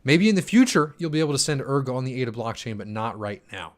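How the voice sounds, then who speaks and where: A man's voice: medium pitch, big pitch swings, fast. A tired young man in his twenties answers viewer questions on a casual livestream. His talk is loose and chatty, full of fillers and stumbling restarts. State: tired from poor sleep. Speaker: crypto channel host answering chat. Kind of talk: casual live-stream Q&A.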